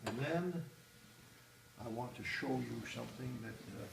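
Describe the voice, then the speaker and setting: A man's voice: mid-range voice, a little slow, vocal fry. A man giving a museum tour, explaining exhibits in a rambling way with many hesitations and restarts. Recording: echoey room, faint background noise.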